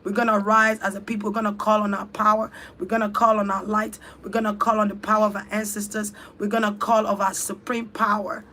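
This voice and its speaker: A woman's voice: mid-range voice, level tone, fairly quick, hardly any pauses, bright, forceful tone, a little hiss or hum. A woman leading a spiritual ritual talk, urging listeners on in fervent, repetitive, chant-like phrases. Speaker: spiritual speaker.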